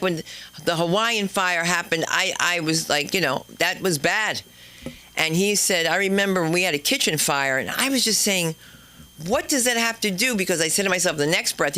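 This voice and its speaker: A woman doing a stand-up comedy set and hosting the night, chatty and brash, jumping into loud high bits. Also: brisk. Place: comedy club stage.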